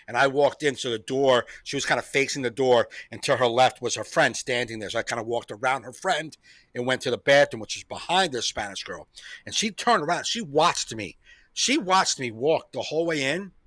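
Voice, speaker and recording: A man's voice: mid-range voice, brisk, fairly bright tone, dry recording. A man hosting a comedy podcast, telling a rambling story in casual chat, repeating himself and laughing often.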